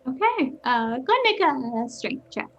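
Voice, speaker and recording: A woman's voice: high voice, very animated, unhurried, muffled recording. A woman running a tabletop game as dungeon master, narrating scenes with frequent fillers and self-corrections.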